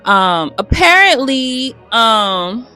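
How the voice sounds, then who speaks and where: A woman vlogger talking casually and bluntly, swearing freely, reacting out loud and tripping over her words. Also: on the high side, sing-song, extremely slow, faint music behind. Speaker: vlogger reviewing products. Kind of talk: casual, unscripted review chat. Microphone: phone.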